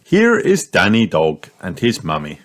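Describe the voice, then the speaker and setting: A man reading a children's picture book aloud with expressive storytelling, with background hiss. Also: deep voice, measured pace. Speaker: storybook reader.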